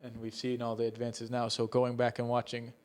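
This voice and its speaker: A man's voice: mid-range voice, monotone, brisk, a little hiss or hum. Rambling, swearing young man on a podcast. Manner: rambling, swears a lot, laughs mid-sentence. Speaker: podcast co-host. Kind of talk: casual chat.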